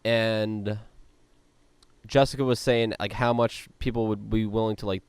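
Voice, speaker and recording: A man's voice: on the low side, fairly even intonation, a little slow, darkish tone, clean tone, no room sound. Chatty, swearing man recapping a show. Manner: chatty, heavy on "like", frequent swearing. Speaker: podcast host. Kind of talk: casual reality-show recap.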